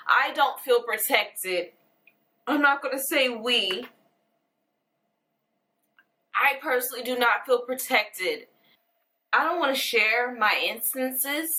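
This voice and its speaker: A young woman in a personal video monologue, tearful and earnest, pausing and restarting her sentences. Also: on the high side, sharp tone, low-quality recording. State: crying, tearful. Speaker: vlogger.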